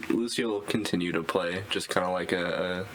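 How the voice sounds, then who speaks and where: A slow, low-voiced man speaks in a dry, low-key way as a player in a tabletop game. A faint hiss sits behind him. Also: very animated, fairly bright tone.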